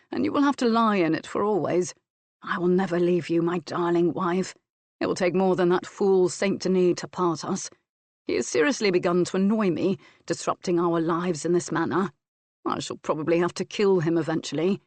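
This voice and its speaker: Woman reader doing a teasing, protective Highland lord: low, warm, brisk, dry close sound. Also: no room sound, natural voice.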